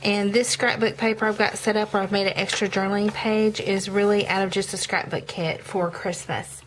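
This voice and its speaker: A woman's voice: medium pitch, steady tone, normal speed, slight background noise, low-quality recording. A woman talking casually in a vlog, walking through her prayer journal, chatty with frequent ums and self-corrections. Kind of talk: casual show-and-tell vlog.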